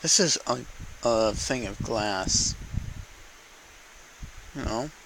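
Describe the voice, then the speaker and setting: A man vents his frustration straight into the camera in an unedited, profane political rant. His voice is bright and forceful, and he drives each point home by repeating it. A faint hiss sits under the recording. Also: on the low side, drawn-out words, poor audio. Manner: heated, profane, repeats for emphasis. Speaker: vlogger.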